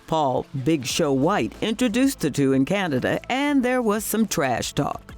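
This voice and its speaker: A man reading a scripted TV feature voice-over in a clear, even news style. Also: fairly high pitch, unhurried. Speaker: TV feature narrator.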